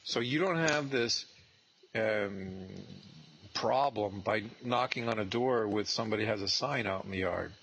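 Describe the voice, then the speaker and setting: A man coaching a trainee one on one on real estate prospecting, animated and acting out sales scripts. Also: on the low side, measured pace, slight background noise, low-quality recording.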